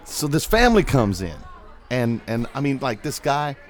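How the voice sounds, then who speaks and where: A man's voice: mid-range voice, moderate pace, a faint crowd. A man hosting a podcast, telling rambling stories in casual chat. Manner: rambling storyteller, animated. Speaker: podcast host.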